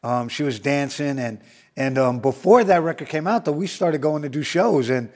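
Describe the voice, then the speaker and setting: A man's voice: fairly high pitch, lively intonation, moderate pace, darkish tone, big-room sound. A man telling a story in a casual interview, acting out quotes, laughing often and swearing freely. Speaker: guest storyteller.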